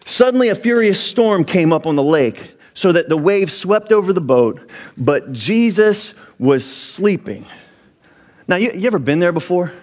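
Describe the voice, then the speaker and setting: A man's voice: sits high, animated, unhurried, a little mellow. A man preaching a sermon as pastor, with rising emphasis and frequent restarts.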